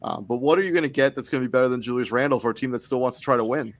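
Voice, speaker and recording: A man co-hosting a sports podcast, laying out trade scenarios in a steady, explaining way, often saying "I mean". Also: medium pitch, rapid-fire, low-quality recording. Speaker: podcast co-host. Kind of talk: casual sports talk.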